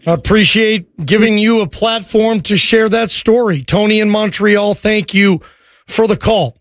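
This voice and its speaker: A man hosting a sports call-in radio show, chatting with callers and his board operator in quick, friendly banter. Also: high voice, no room sound.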